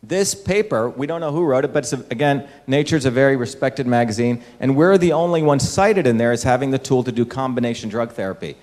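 A man's voice: mid-range voice, fairly quick, hardly any pauses, darkish tone. A man from India, giving a public talk and explaining with rhetorical questions to the audience. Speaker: speaker addressing an audience. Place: large hall with an audience. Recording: echoey hall.

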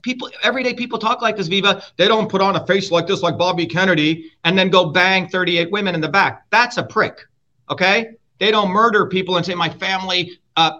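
A man's voice: sits high, sharp tone. A man being interviewed as a political candidate, talking in a combative, emphatic way and swearing often. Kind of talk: heated interview talk. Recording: muffled lo-fi sound.

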